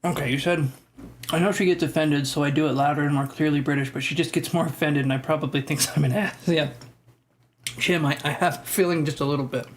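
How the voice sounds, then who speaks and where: There's slight background noise as a man with a voice on the high side and fairly even intonation talks at a quick pace. Hosting a tarot livestream, he jokes, laughs often and chats casually through viewer comments.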